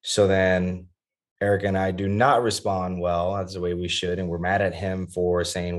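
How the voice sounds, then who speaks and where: Deep-voiced man, earnest and rambling. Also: flat delivery, normal speed. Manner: earnest, rambling with many restarts. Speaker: podcast guest, father of three. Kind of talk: reflective podcast conversation.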